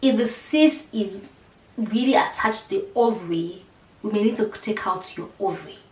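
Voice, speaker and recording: A woman voicing a female surgeon who calmly explains bad news and reassures her patient, recorded in an echoey room some way from the mic. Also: medium pitch, moderate pace, far from the mic, natural voice. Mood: reassuring.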